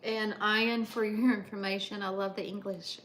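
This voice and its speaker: A woman's voice: mid-range voice, little pitch movement, moderate pace, a bit bright. Older woman, motherly livestream chat, cooking at home, faint background noise. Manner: chatty, motherly, talks to viewers by name while cooking. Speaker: livestream host. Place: home kitchen.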